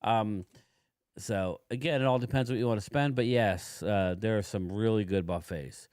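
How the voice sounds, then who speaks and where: A man's voice: on the low side, normal speed, darkish tone, clear, resonant tone, no room sound, clean studio sound. A man hosting a casual livestream chat, rambling and laid-back as he tells stories. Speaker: livestream host.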